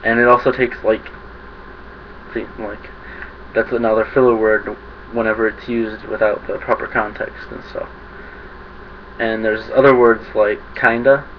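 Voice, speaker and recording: A man's voice: lowish voice, little pitch movement, a little slow, long pauses. Young dude rambling at his webcam, kinda self-conscious, dull lo-fi audio w/ a bit of hiss. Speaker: vlogger. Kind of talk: casual rambling monologue.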